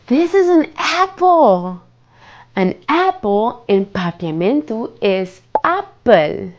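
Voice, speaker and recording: Very slow, lively woman teaching kids. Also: high voice, lo-fi sound. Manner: slow and patient, repeats each word and prompts children to echo. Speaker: children's language teacher. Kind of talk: slow, sing-song kids' lesson.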